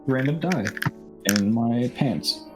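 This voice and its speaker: A man's voice: mid-range voice, lively intonation, slow pace, over music. A man narrating as game master of a tabletop horror game, often stammering and restarting his sentences.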